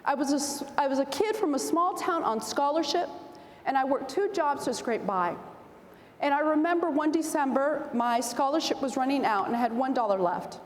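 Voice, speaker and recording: A woman in her forties giving a storytelling speech at a convention, animated and acting out the voices in her anecdotes. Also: high voice, normal speed, a little hiss or hum. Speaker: keynote speaker. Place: large convention hall. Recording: roomy hall reverb, faint ambience.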